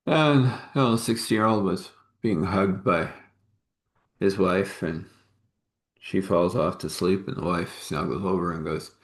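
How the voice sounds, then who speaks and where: A man with a low, gravelly voice spins a homespun tale, rambling along and filling pauses as he goes. The sound carries the ring of an echoey room around him. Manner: rambling, homespun, with many fillers. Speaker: storyteller. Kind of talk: casual spoken storytelling.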